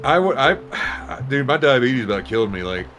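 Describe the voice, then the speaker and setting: A man casually telling an animated, profane story to friends on a live show. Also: medium pitch, moderate pace, music in the background.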